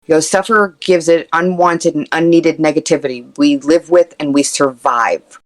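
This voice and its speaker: A woman guest on an interview podcast, talking candidly and earnestly with quick playful quips. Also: deep voice, steady tone, low-quality recording. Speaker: guest, content creator and actor. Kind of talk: casual interview chat.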